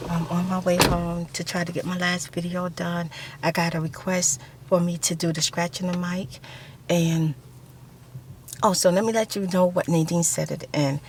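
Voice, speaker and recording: A middle-aged woman telling a long story in a soft-spoken ASMR style, rambling and repeating herself for emphasis. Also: fairly low pitch, little pitch movement, normal speed, slight background noise. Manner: rambling and repetitive, emphatic retelling; drops to a whisper for quoted speech. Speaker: ASMR channel host.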